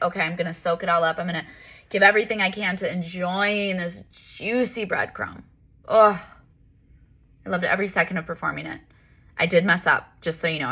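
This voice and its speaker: A spiritual life coach talks casually about her spiritual practice in a personal, reflective self-help monologue. Her voice is fairly low but bright and forceful, and she relies on repetition and emphatic self-talk.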